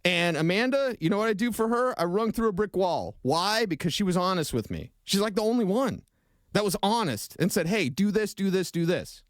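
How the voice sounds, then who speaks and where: High-voiced, fast-talking sports radio man. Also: animated, no room sound, studio quality. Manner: fast-talking, emotional and opinionated. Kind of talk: casual sports talk radio. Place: radio studio. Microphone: studio microphone.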